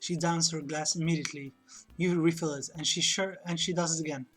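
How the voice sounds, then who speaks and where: A woman's voice: low-pitched, fairly even intonation, fairly quick, faint music behind. A woman streaming a retro game, chatting casually, laughing often and reading the game's narration aloud. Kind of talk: let's-play commentary, reading game text aloud.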